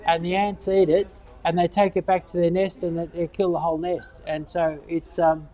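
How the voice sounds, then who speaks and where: Woman gardening expert, lowish warm voice, loose chatty answers full of repeated words. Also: level tone, moderate pace, faint music behind. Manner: rambling, repeats words while thinking. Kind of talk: casual Q&A chat.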